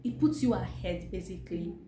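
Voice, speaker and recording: A woman's voice: on the low side, animated, a little fast, noisy background. A young Nigerian woman with a Nigerian accent, talking casually to camera as a vlogger, emphatic and leaning on "like" as she explains. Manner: chatty, emphatic, leans on "like". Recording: echoey room with faint background ambience.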